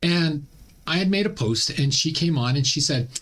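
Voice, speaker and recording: A man's voice: fairly high pitch, lively intonation, moderate pace, a bit bright, a little hiss or hum. A Canadian man hosting a casual opinion commentary, blunt and ranting. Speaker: commentary channel host.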